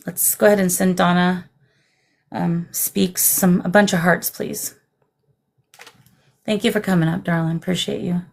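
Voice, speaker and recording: A woman hosting a live stream as a psychic medium, speaking gently and soothingly and calling her guests darling. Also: lowish voice, steady tone, unhurried, creaky, pauses often, poor audio. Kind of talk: live-stream spirit reading.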